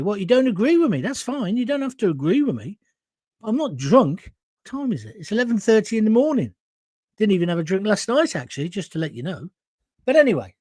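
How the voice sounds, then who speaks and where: A man's voice: sits high, dry recording. A man hosting a political livestream, talking bluntly and combatively straight to his viewers. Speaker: livestream host.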